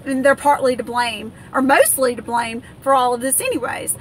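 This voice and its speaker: A woman's voice: sits high, moderate pace, a little hiss or hum. An American woman in an angry, indignant political rant, stumbling over fillers and restarts as she vents. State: livid. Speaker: political vlogger.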